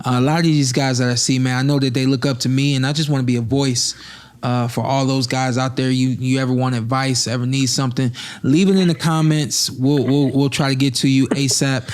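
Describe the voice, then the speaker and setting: A man hosting a casual podcast chat, an animated storyteller who laughs often. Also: medium pitch, brisk. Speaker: podcast host, boxer.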